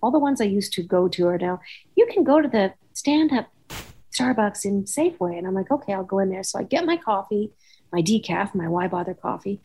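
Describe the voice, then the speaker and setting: Husky-voiced woman telling rambling stories. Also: mid-range voice, expressive, fairly quick, warm tone. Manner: rambling anecdotal storyteller, acts out dialogue. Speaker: podcast host. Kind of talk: casual chat.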